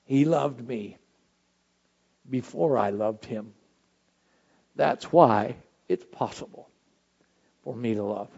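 A male pastor preaching a sermon, swinging from loud, high shouted phrases to soft, low, intimate ones. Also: takes it slowly, vocal fry, pauses often, slightly rough, lo-fi sound.

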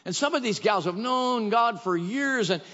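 High-voiced male preacher in echoey hall. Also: expressive, normal speed, sharp tone. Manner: emphatic, exhorting, repetitive. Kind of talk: sermon. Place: church sanctuary. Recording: dull echoey church hall.

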